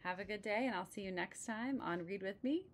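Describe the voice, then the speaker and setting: A woman's voice: medium pitch, fairly quick, background noise. A woman reading a children's picture book aloud, with casual asides between the passages. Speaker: storybook reader.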